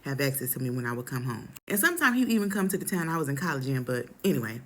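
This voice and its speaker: A young adult woman tells a personal story casually and dramatically, full of animation and slang. Her pitch is extremely low and she talks at a racing speed.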